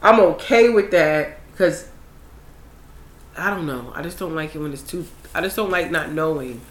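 A young woman in casual group chat, animated and swearing when worked up. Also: low-pitched, moderate pace. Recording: echoey room with faint noise.

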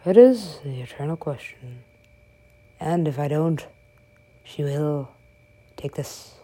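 Woman, low pitch, slow unhurried talk, casual game commentary, profane joking. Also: expressive, dark tone, breathy edge. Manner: profane, rambling, joking asides.

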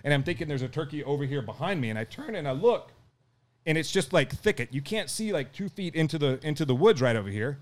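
This middle-aged guest on a podcast tells a story fast, in a fairly high voice, during a casual chat. He keeps it animated, laughing often and acting out what people said.

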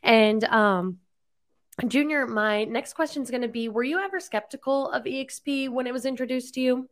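A woman's voice: high-pitched, moderate pace. A woman hosting a podcast interview in an upbeat way, asking leading questions. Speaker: podcast host. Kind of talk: casual interview talk.

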